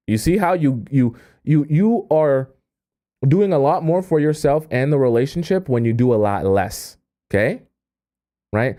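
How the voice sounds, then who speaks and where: Dark-voiced man giving relationship advice. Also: medium pitch, lively intonation, moderate pace. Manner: conversational, repeats "right?" and reads chat comments aloud. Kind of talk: livestream advice talk.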